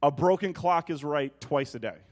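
A man in his thirties preaching, his voice dropping low and soft for reflection, then rising loud and high as he tells a family story. He is an animated storyteller with a lively pitch. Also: normal speed. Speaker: pastor. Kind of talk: sermon with personal story.

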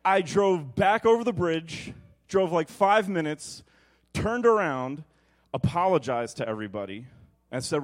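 A man in his thirties preaching, his voice dropping low and soft for reflection, then rising loud and high as he tells a family story. He is an animated storyteller with a lively pitch. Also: measured pace. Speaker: pastor. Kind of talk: sermon with personal story.

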